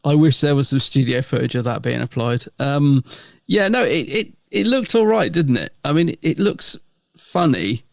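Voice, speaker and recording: A man's voice: mid-range voice, expressive, normal speed, vocal fry, hardly any pauses, no echo, studio quality. A man co-hosting a podcast, chatting in a rambling way and chuckling often. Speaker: podcast co-host. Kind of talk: casual review chat.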